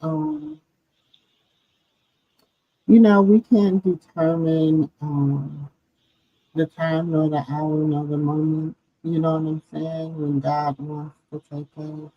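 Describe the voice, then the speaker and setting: Woman host, tired, unhurried livestream chat, muffled lo-fi audio. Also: deep voice, fairly even intonation. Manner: greets viewers by name, drawn-out. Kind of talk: late-night live chat. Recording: dull lo-fi stream audio.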